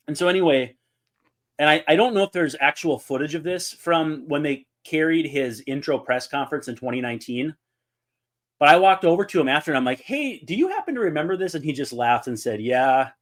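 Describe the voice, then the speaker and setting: Animated storytelling man, slightly higher voice. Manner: animated storyteller, acts out quotes. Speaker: podcast co-host. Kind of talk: casual chat.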